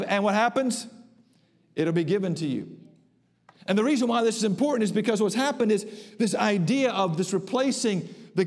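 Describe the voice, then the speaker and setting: High-voiced preacher in a reverberant hall. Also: male voice, a little mellow. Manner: emphatic preaching, slows and rises for emphasis. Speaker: pastor. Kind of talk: sermon. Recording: long reverb of a church hall.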